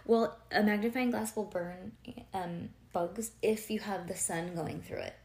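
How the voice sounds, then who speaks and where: A woman's voice: medium pitch, a little slow, vocal fry, darkish tone. Chatty woman reading a storybook aloud. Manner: conversational, quizzes the listener, digresses with "like" and "um".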